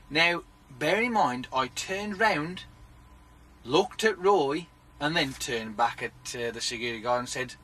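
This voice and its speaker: A man rants straight to his viewers in a casual vlog. His voice is husky, bright and pitched a little high, and the story comes out animated and full of swearing. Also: normal speed. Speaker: vlogger.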